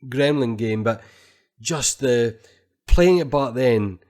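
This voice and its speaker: A man's voice: medium pitch, slow pace, a little mellow. Chatty man, enthusiastic podcast host. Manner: enthusiastic, chatty, reads quotes aloud. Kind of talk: casual retro gaming chat.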